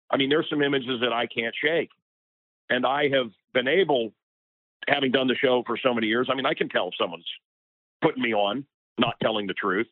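A medium-pitched man, a radio personality, is a guest in a heated interview and grows more impassioned as he speaks. There's no room sound, just the thin, tinny character of a phone line.

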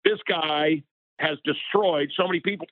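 A man's voice: on the high side, moderate pace, no echo. Impassioned man on a tinny phone line. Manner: impassioned, gets worked up. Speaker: guest, radio personality. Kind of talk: heated interview conversation.

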